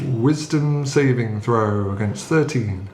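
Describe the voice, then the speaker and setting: A man at a middle pitch plays a tabletop game and sets out his turns and rolls in a brisk, matter-of-fact way. His voice carries an echoey room sound with faint noise behind it. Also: a little mellow. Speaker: player.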